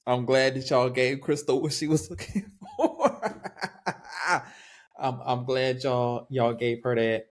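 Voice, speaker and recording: A man co-hosting a podcast, playful and teasing, with animated reactions. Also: mid-range voice, slow. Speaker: podcast co-host. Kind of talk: casual podcast chat.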